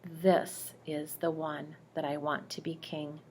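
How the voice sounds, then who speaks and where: A woman voicing God in a spoken bible storybook, hushed, soft and slow. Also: sits low, flat delivery, a little hiss or hum. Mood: gentle. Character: God, calm and gentle divine voice.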